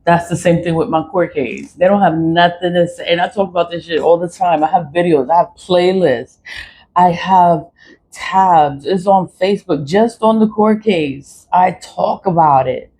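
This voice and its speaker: A woman vlogging in a casual monologue from a city high-rise apartment. She rambles, repeats phrases and mimics other people in quoted asides. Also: moderate pace, warm tone, slightly rough, poor audio. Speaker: spiritual vlogger.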